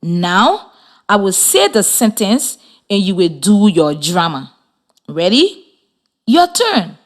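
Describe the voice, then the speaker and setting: A woman teaching a children's reading lesson on the radio, giving slow, encouraging, clear instructions. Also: medium pitch, sing-song. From Liberia.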